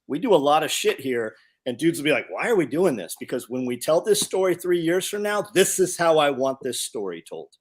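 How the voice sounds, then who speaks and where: A man's voice: on the high side, very animated, fairly quick, hardly any pauses. A man co-hosting a casual livestream, speaking emphatically and a bit preachy about living for the story you will tell later. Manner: emphatic, preachy motivational delivery. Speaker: co-host.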